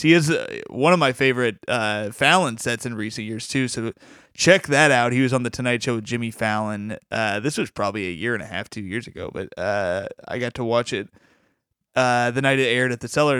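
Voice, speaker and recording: A man's voice: mid-range voice, a bit bright, clear, resonant tone, dry recording, studio quality. Enthusiastic man hosting a podcast. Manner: enthusiastic, rambling with restarts. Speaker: podcast host. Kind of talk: casual podcast chat.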